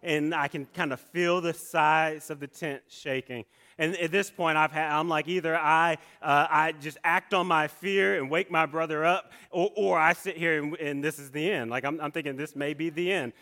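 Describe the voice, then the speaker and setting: A man telling a personal story in a sermon, animated, with many restarts and asides. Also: fairly high pitch.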